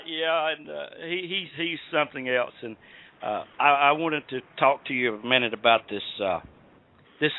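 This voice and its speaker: A Southern US man with a medium-pitched voice hosts a casual radio chat, spinning rambling stories packed with filler words. The line is dry, without echo, and tinny like a phone call.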